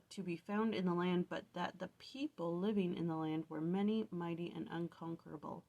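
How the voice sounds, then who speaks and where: A woman's voice: on the low side, a little mellow. Chatty woman retelling scripture casually. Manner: chatty, self-correcting, acts out quotes playfully. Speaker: scripture study vlogger.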